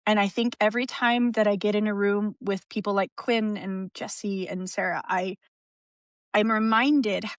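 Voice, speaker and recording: Woman, podcast guest, candid and emotional, rambling with restarts, soft laughs, dry recording. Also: mid-range voice, no room sound. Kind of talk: candid conversational interview.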